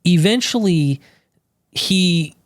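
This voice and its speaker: An emphatic man speaking as a guest on a podcast, explaining with fervent conviction. His voice sits a little high for a man. It is recorded dry, with no room sound. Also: expressive, takes it slowly, no room sound. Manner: fervent, emphatic, acts out quoted people. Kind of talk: impassioned conversational storytelling.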